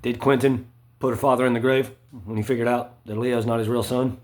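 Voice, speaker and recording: A man in a rambling monologue, full of "right?" and "you know" fillers, swinging between low mutters and sharp emphatic spikes. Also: little pitch movement, a little fast.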